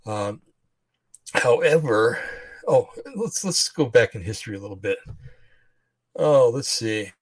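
A man's voice: medium pitch, expressive, unhurried, long pauses, breathy edge, no room sound. A man rambling through religious commentary on a livestream, slightly out of breath, full of fillers and restarts. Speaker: podcast host.

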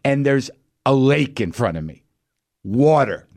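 A man hosting a podcast, telling a story in a casual, animated way, acting out other people's lines and swearing as he goes. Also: mid-range voice, a little slow, vocal fry, long pauses, no echo. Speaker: podcast host.

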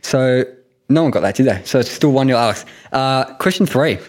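A man's voice: medium pitch, expressive, normal speed. A man with an Australian accent hosting a podcast quiz, talking casually in a joking, rambling way. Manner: jokey, rambling with many ums.

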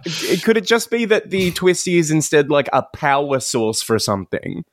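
A man's voice: on the high side, very animated, moderate pace, slight background noise. A man co-hosting a comedy podcast in a casual, playful brainstorm, laughing often. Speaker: podcast co-host picking ideas.

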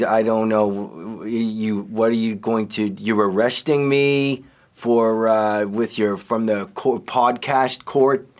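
An actor playing a defensive, flustered male weatherman who stammers, restarts his sentences and sounds indignant in a comedic audio drama. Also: on the low side. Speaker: accused man confronting a podcaster.

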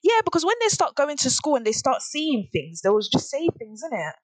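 A woman chatting casually as a podcast co-host, animated and quick to laugh. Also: high voice, no echo. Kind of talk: casual chat.

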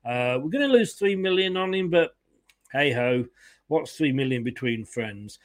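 Chatty football fan streamer. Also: male voice, mid-range voice, lively intonation, normal speed. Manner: chatty, opinionated, laughs often, greets viewers. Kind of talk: casual live-stream chat.

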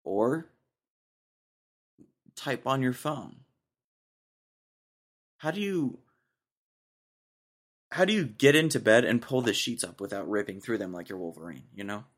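A man's voice: mid-range voice, expressive, measured pace, pauses often. Young male podcast host, casual rambling solo talk, easygoing. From Texas. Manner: rambling, laid-back, says dude a lot.

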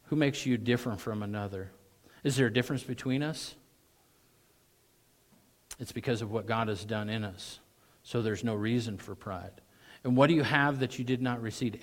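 A middle-aged male pastor preaching a sermon, animated, his voice rising sharply when he mocks with sarcasm, often clearing his throat. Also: mid-range voice, normal speed.

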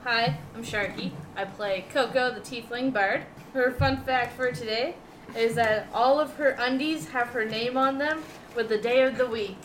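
A woman's voice: fairly high pitch, normal speed, a little hiss or hum, low-quality recording. A woman playing in a tabletop game, chatty and giggly. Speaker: tabletop player. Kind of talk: casual chat.

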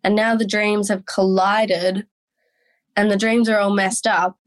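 A woman's voice: medium pitch, flat delivery, measured pace, close to an everyday voice. A young Australian woman with an Australian accent, putting on the airy, dreamy voice of her disoriented middle-aged mother. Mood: dreamy, confused.

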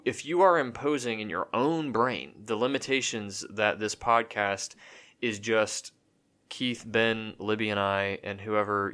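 Brief: male podcast co-host, low-pitched, rambling casual delivery full of restarts and fillers. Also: pushed and bright. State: has the hiccups.

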